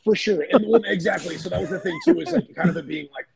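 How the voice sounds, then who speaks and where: The singer and guitarist of a band talks loosely in a podcast chat, high-pitched with big pitch swings and a fast, gravelly, husky delivery. He rambles, swears often, and uses many fillers, while a crowd sits in the background of the rough recording.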